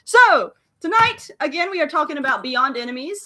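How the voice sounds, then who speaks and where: Chatty woman host on a video call, bright voice, a bit high. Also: big pitch swings, normal speed. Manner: chatty, playful. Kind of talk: casual interview chat.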